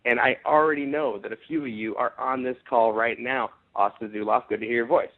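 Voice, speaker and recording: A man leading a network marketing conference call, giving an upbeat, emphatic sales pitch with frequent restarts. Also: fairly even intonation, brisk, creaky. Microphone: phone conference call. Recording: tinny phone line.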